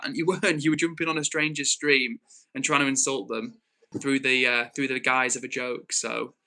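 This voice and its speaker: A young man with a Northwest English accent hosting a live stream, reading chat and calmly, earnestly lecturing a troll with many restarts. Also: medium pitch, normal speed. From Northwest England. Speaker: livestream host.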